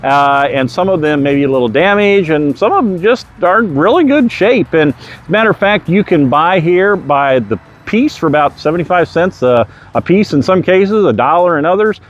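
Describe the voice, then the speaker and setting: A man's voice: a little high, expressive, moderate pace, dull audio. An older man, a real estate agent, narrating a casual video tour in a folksy, chatty way outside a bakery. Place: outdoors in front of a bakery.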